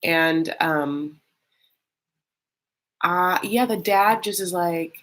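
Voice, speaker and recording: A woman's voice: lowish voice, drawn-out words, a bit bright. A woman hosting a casual reality-show recap, chatty and loose, full of fillers and calling the audience honey.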